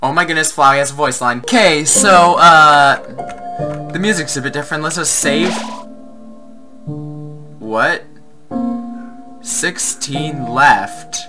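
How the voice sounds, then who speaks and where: A man commenting on a video game as he plays, halting and reactive, with lots of fillers. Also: on the high side. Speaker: gamer. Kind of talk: let's play commentary. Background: game music.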